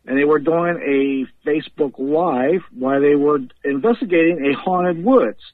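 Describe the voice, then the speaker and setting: A man's voice: a little high, a little slow, no echo. A man calling in as a guest, telling rambling stories and laughing often between them. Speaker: guest paranormal investigator. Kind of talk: casual storytelling on a podcast. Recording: tinny phone line.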